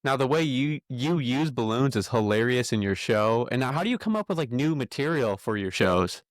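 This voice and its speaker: A man's voice: medium pitch, expressive, moderate pace, dry recording, clean studio sound. A man hosting a podcast, asking short, easygoing questions and agreeing with his guest. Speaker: podcast host. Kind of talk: casual podcast interview.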